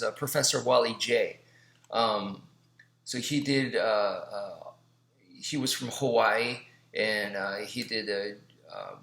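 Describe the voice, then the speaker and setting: A man's voice: mid-range voice, pushed and bright. A man casually recalling his old martial arts teacher, rambling with many fillers as he demonstrates moves. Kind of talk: casual storytelling. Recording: echoey room.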